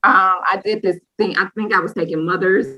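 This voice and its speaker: A woman, co-hosting a casual chat and telling a lively personal story, acting out what people said. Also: medium pitch, brisk, muffled recording. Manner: lively storyteller who acts out quotes. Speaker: co-host sharing a personal story.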